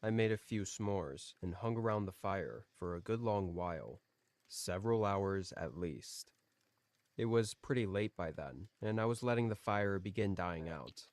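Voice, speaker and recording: A man calmly reading out a scripted first-person horror story. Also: lowish voice.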